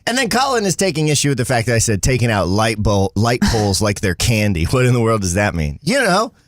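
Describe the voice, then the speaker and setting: A man's voice: mid-range voice, quick pace, no room sound, clean studio sound. A man hosting a live show, chatting casually, reading viewer comments aloud and laughing often. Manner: animated, laughing often, reads chat aloud. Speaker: show host.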